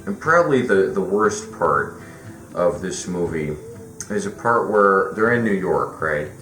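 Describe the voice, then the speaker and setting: A man's voice: low-pitched, lively intonation, measured pace, fairly bright tone. A man giving a casual, rambling movie review, full of fillers and restarts. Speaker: film reviewer. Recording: roomy echo with faint music.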